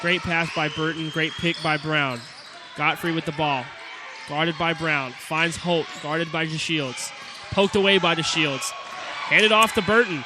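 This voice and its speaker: Excited young man calling basketball play-by-play. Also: fairly high pitch, background noise. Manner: rapid clipped calls, bursts of shouting on plays. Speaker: play-by-play announcer. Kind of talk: amateur basketball play-by-play commentary.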